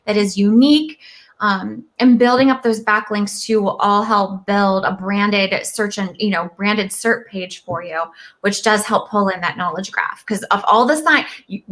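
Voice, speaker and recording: A woman's voice: on the high side, fairly bright tone. A woman from Virginia giving a chatty, upbeat guest presentation and laughing often. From Virginia, United States. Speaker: guest speaker. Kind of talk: casual explanatory presentation.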